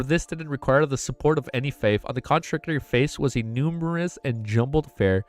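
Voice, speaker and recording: A man streaming live, reading a novel aloud, stumbling over words and laughing at his own misreads, in slangy casual talk. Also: medium pitch. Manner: casual, slangy, says man and dude a lot.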